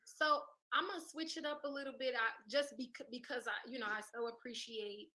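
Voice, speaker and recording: A woman's voice: on the high side, fairly even intonation, a little fast, pushed and bright, poor audio. A woman moderating a livestream panel, thanking speakers and asking questions with many fillers.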